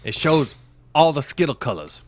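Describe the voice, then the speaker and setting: A man playing an angry pig farmer who talks loud and indignant in a vague put-on accent. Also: on the high side, sing-song, moderate pace, soft background music.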